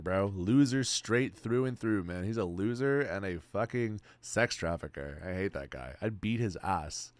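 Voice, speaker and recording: A man's voice: fairly low pitch, no echo. A man in his twenties, streaming and answering chat in casual, blunt talk full of bro and man. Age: 20s. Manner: blunt, slangy, calls everyone bro and man.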